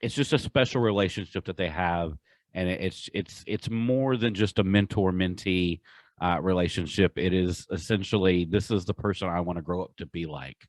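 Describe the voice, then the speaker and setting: A man's voice: low voice, moderate pace, no room sound. A man co-hosting a podcast, talking earnestly with frequent hesitations. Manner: earnest, hesitant with many uhs. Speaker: podcast co-host. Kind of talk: casual podcast chat.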